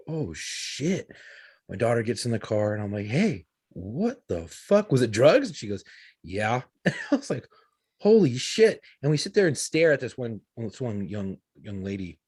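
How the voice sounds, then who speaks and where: A man in his thirties tells a story on a podcast, swearing freely and acting out what everyone said. His voice is husky and mid-pitched. The sound is dry and close. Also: normal speed, no echo. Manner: profane, animated retelling with quoted dialogue. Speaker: podcast co-host. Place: podcast studio.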